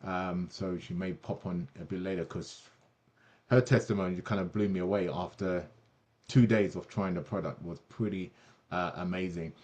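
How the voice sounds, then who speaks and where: Enthusiastic low-voiced man hosting a call. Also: steady tone, darkish tone. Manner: enthusiastic, halting, many fillers. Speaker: host of product presentation. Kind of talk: online call presentation.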